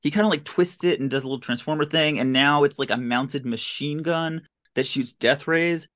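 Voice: mid-range voice, normal speed, fairly bright tone. A podcast host giving a casual, comedic recap of a film, with incredulous, sarcastic commentary.

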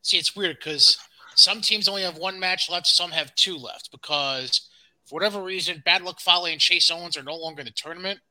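A man's voice: high-pitched, brisk, sharp tone, rough recording. A man hosting a casual wrestling podcast, loose and rambling, with plenty of ums. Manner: loose and rambling, swears, fills gaps with um and uh. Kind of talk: casual wrestling news chat.

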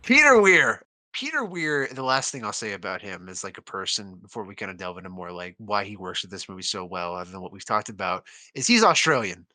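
A young man co-hosting a casual film podcast, animated and jokey, laughing often. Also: sits low, fast, hardly any pauses, dry recording. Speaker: podcast co-host.

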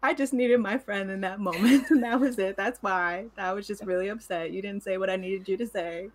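A woman's voice: mid-range voice, fairly even intonation, brisk. A woman co-hosting a podcast who talks frankly and with emphasis about friendship and honesty, in a casual chat. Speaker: podcast co-host.

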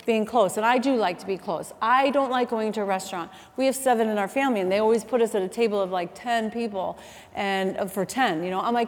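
A middle-aged woman preaching a sermon, chatty and animated, telling stories with asides and quick self-corrections. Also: medium pitch, in a large hall, a little hiss or hum. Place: church auditorium.

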